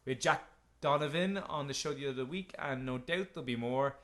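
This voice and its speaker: A man's voice: mid-range voice, a little fast, a bit bright. A man hosting a podcast in an enthusiastic, chatty way. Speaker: podcast host. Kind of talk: casual podcast chat.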